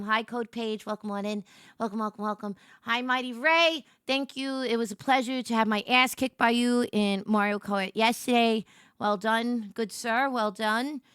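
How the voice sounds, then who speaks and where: A young woman streaming and greeting her viewers in casual chat, animated and swinging from soft murmurs to excited squeals. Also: fairly high pitch, clean tone, dry recording, clean studio sound.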